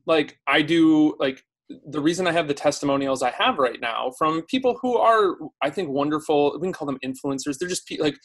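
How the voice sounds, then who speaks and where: Animated, filler-heavy man, higher voice. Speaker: podcast guest. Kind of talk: casual conversation.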